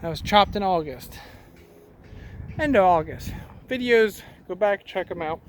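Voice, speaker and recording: A cattle farmer who hosts his own channel talks casually to camera outdoors on his farm, plain-spoken, rambling and slightly out of breath. His high voice is animated but unhurried, and strong wind is clearly audible in the recording.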